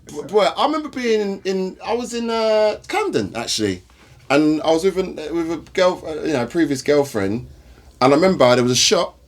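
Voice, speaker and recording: A man hosting a podcast, telling stories in casual chat, animated and swearing, acting out the people in them. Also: a little high, normal speed. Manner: animated storyteller, swears, acts out voices. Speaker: podcast host.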